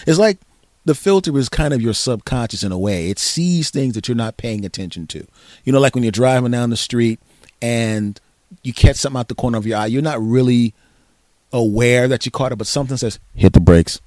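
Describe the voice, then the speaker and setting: A middle-aged man hosting a podcast, delivering an animated comedic rant into a close microphone. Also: mid-range voice, fairly quick, no room sound. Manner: ranting, animated, shifts into mock voices. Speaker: podcast host. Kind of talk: comedic solo monologue.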